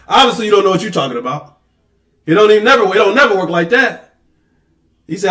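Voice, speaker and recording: High-pitched preacher guy, chatty but hammering his point, reads out bible verses. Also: fast, long pauses, fairly bright tone. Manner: conversational, emphatic, mocks excuses in lowered voice. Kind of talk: street-level sermon with scripture reading.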